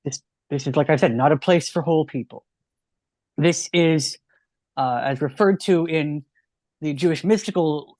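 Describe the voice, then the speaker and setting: A rabbi in his thirties explains his points earnestly in relaxed conversation, often restarting his sentences. His voice is recorded dry and close, with no room echo. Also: fairly high pitch. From United States. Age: 30s. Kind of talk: teaching in a casual chat.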